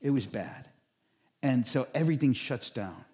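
A man's voice: medium pitch, expressive, moderate pace, mellow. A male pastor preaching a sermon in a conversational storytelling way, with asides to the congregation and acted-out quotes.

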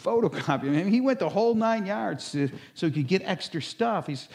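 A man's voice: sits high, animated, a little fast, vocal fry, hardly any pauses, a little mellow. A male pastor preaching a sermon in a conversational storytelling way, with asides to the congregation and acted-out quotes.

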